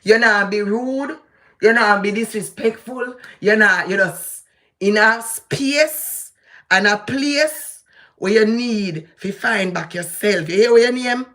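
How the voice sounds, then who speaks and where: A woman with a Jamaican accent speaks slowly in a medium-pitched, fairly bright voice. As a vlogger, she offers casual, preachy remarks, emphatic and aimed directly at the person she's talking to.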